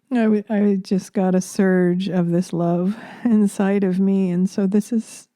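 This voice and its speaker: A woman speaks slowly and softly into a close microphone, drifting through a reflective spiritual monologue full of pauses and ums. Her voice is very dark and mellow, a little low in pitch, and the sound is dry and close. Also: steady tone, no echo. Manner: soft-spoken, drifting into whispers, hesitant fillers. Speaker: spiritual channeler and podcaster.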